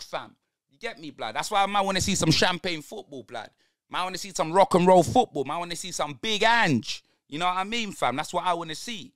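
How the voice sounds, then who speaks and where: A man's voice: sits high, no echo. A young man giving a live, slang-heavy football match reaction. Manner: excitable, slang-heavy banter. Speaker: football fan channel host.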